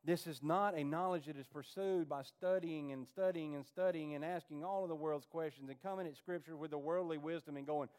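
Impassioned high-voiced male preacher. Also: fairly even intonation, brisk, hardly any pauses, darkish tone, clean tone. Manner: impassioned preaching, pleading then rising. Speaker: pastor. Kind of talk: sermon. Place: church.

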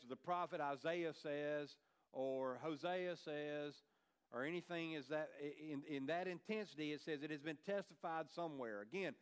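A man's voice: on the high side, smooth. A man, preaching a sermon as pastor in a folksy, conversational way, with asides to the congregation and repeated words.

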